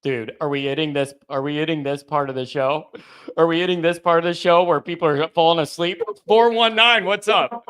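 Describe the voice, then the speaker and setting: A man with a bright, forceful, fairly high voice hosting a live call-in stream. He chats loosely and excitedly, full of fillers and restarts as he reads messages and takes callers. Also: brisk, smooth. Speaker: host of a live postgame call-in show. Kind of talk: casual live-stream chat.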